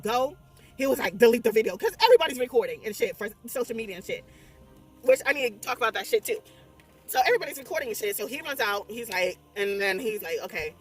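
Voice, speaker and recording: A young adult woman recapping a horror movie in a casual, rambling way, animated and swearing constantly as she exclaims through the story. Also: fairly high pitch, distant mic. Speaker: movie reviewer. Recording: voice a bit off-mic, faint music behind.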